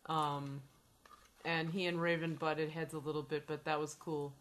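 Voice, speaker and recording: A woman's voice: sits low, flat delivery, normal speed. A woman hosting a podcast, telling a story in casual, playful chat and teasing her co-host. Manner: chatty, playful, swears and teases.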